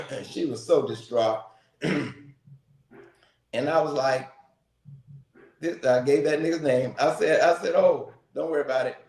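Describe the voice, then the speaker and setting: A man's voice: a little high, unhurried, pauses often, darkish tone. Brash man in an echoey room. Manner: brash, boastful storyteller, repeats himself. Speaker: co-host of a live relationship talk show. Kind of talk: casual live-stream chat, storytelling.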